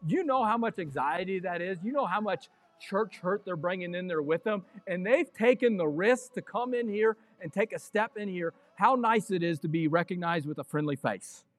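A man preaching a sermon as pastor of his church, excitable and fiery, breaking into yells. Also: high-pitched, moderate pace, hardly any pauses, no echo. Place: church sanctuary.

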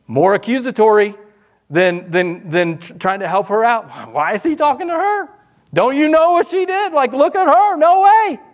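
Male pastor, high voice, lively preaching, acts out the quoted voices. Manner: animated preaching, acting out quoted voices with sudden high pitch. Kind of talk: sermon.

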